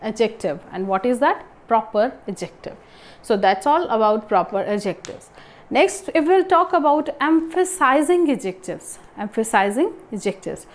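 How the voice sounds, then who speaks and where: A woman teaching grammar and asking the class questions, then answering them herself. She talks haltingly, with restarts and fillers. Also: on the high side, lively intonation. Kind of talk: classroom lesson.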